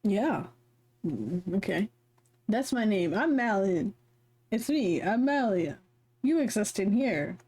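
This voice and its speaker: A woman's voice: medium pitch, big pitch swings, slow pace, long pauses, a little mellow, husky. A young adult woman streaming a game, chatting casually in a giggly, rambling, self-deprecating way and reading the story aloud. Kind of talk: casual chat while playing a game.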